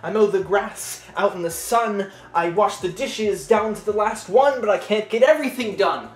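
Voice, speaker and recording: A man recites spoken-word poetry in an echoey room, moving between forceful loud lines and hushed low ones. Faint music runs underneath. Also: moderate pace. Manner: intense, swinging between loud outbursts and quiet low lines.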